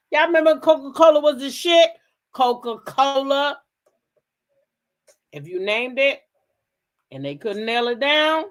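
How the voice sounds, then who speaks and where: A woman from the DC hosting a casual livestream, telling stories straight to her viewers in an animated, profane way. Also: fairly high pitch. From Kensington, Maryland, near Washington DC. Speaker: livestream gossip host. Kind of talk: casual chat with live viewers.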